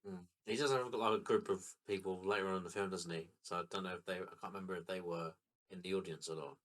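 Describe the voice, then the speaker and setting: Deep-voiced man with bright tone. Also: steady tone, quick pace. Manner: easygoing, unsure, thinks aloud. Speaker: podcast co-host. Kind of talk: casual film podcast chat. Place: recording room.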